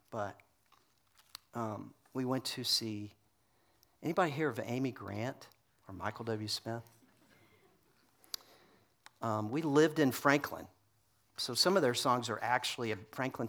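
A man's voice: mid-range voice, fairly bright tone. A middle-aged man preaching a sermon in a church, telling a story in a loose, chatty way with fillers. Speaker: pastor. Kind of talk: conversational sermon.

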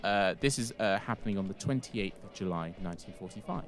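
A man's voice: low voice, fairly quick, soft background music. An English man hosting a casual history podcast, rambling and correcting himself as he goes. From England. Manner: rambling, self-correcting, chatty. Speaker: podcast host.

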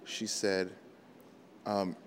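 A man's voice: low-pitched, level tone, drawn-out words, a little hiss or hum. A man, a comedian guest, chatting casually and rambling through anecdotes between laughs. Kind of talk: casual chat.

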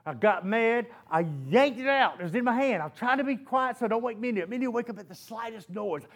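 A preacher with a notably high voice delivers his sermon as a lively story. He often breaks into laughter mid-sentence as he talks to the congregation. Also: fairly quick. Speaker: pastor.

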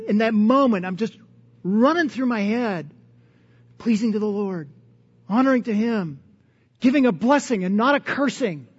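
A man's voice: sits high, darkish tone, husky, lo-fi sound. A man preaching a sermon in an earnest, conversational way, posing strings of rhetorical questions. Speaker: pastor.

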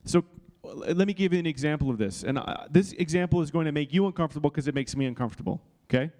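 A man preaches through a personal story in an earnest, confessional way. His voice sits a touch higher than most men's. He keeps restarting phrases and stopping to check that his listeners follow. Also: fast, darkish tone. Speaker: pastor. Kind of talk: sermon-style teaching with personal story.

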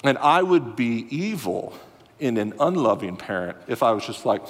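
A man preaching a sermon as a pastor, earnest and animated, rising to loud emphasis and dropping to quiet asides. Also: medium pitch, moderate pace. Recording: long hall reverb.

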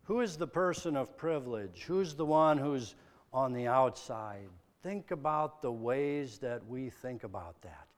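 A preacher from the American Midwest giving a sermon, asking probing, earnest rhetorical questions. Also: male voice, mid-range voice, lively intonation, unhurried, in a large hall.

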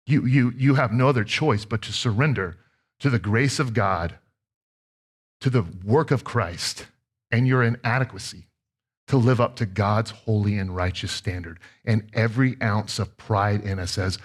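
A man in his forties preaching a sermon in a church, shifting between quiet, low prayer and lively storytelling that climbs high. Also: normal speed, husky. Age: 40s. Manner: animated storytelling, voice rising high for quoted shouts; drops low and soft for prayer and solemn points. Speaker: pastor. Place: church sanctuary.

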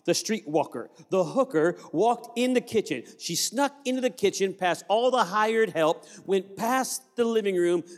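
A male pastor preaching a sermon, telling the story with lively humor and playful asides. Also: sits high. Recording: long hall reverb.

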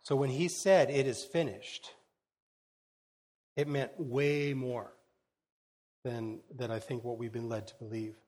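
A male pastor delivering a sermon, his voice sitting in a mid range. He talks with loose, excited enthusiasm. He often trips over and repeats his words. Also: medium pitch, a little slow.

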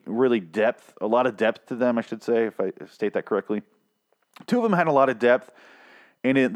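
A man giving a casual, profane TV recap, rambling and sarcastic, often stumbling over his words. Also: on the low side. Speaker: TV show recap host.

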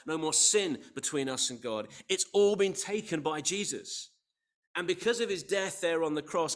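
A man preaching a Sunday sermon to his congregation, earnest and emphatic, rising to loud peaks and dropping to quiet, with small restarts. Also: a little high. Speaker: pastor.

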